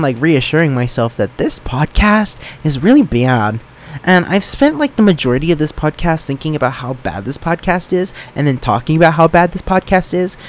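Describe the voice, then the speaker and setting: Rambling young man with lively pitch. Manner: rambling, self-mocking and playful. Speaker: podcast host. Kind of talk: solo podcast monologue. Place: his bedroom. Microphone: microphone in his room. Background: faint fan running.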